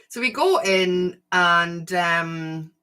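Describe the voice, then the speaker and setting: A middle-aged woman hosting a casual livestream, telling a story in a lively way and acting out the voices of the people in it. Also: fairly low pitch, clear, resonant tone. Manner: animated storyteller, acts out quoted voices. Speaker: spiritual channel host.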